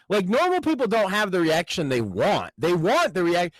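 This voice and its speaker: Lively, animated male podcast host. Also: sits high, normal speed, dry recording, low-quality recording. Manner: animated, profane, mocking. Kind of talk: casual political chat.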